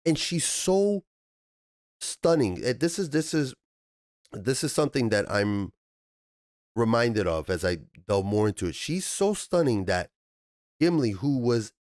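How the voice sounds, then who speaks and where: A man of middle pitch reviews television in a heated, freewheeling rant. He swears freely and keeps leaping up into high, exasperated outbursts. His voice sits dry and close, with no room sound around it. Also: unhurried, long pauses, dry recording. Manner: animated, profane, swings up into high exasperated bursts. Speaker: TV review channel host. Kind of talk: ranting TV review commentary.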